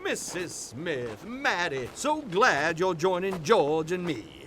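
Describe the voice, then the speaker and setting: Pedantic professor, slow, animated pitch. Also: male voice, slight background noise, exaggerated voice. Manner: lecturing, pedantic. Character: learned, pedantic professor, adult man.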